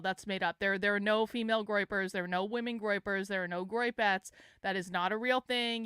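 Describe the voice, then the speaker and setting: A woman's voice: on the high side, sharp tone, clean tone, no echo, clean studio sound. A middle-aged woman hosting her own show, delivering a heated, exasperated commentary monologue, swearing and repeating herself. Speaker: podcast host.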